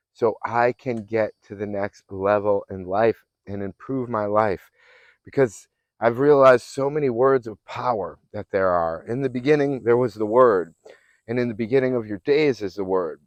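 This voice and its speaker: A man's voice: on the low side, moderate pace, dry recording, dull audio. A man working as a fitness and mindset coach gives an earnest, affirming motivational talk that sometimes rambles and restarts. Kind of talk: motivational self-help talk.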